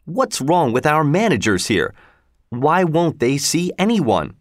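A man's voice: fairly high pitch, big pitch swings, normal speed, no echo, clean studio sound, voice pushed up. A man voicing a suspicious male theater secretary who presses his colleagues with insistent, accusing questions. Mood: agitated.

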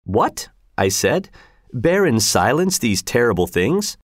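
Man doing an earnest patriot, storybook, slightly raised pitch, lively intonation. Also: slow pace, no echo, clean studio sound. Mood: recounting. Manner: earnest, self-satisfied recounting. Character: earnest, indignant male patriot envoy.

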